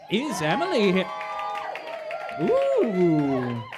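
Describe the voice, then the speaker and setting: A man's voice: high voice, huge pitch swings, very slow, over loud music, a loud crowd. A man hosting a live showcase at an arts club, joking and laughing between acts. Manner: jokey and self-deprecating, laughing often. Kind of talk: compering between songs. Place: indoor arts club venue.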